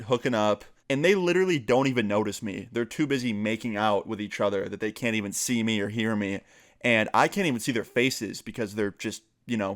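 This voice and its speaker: A young man vlogging a casual storytime, chatty and full of fillers, slipping into the voices of the friends he quotes. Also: lowish voice.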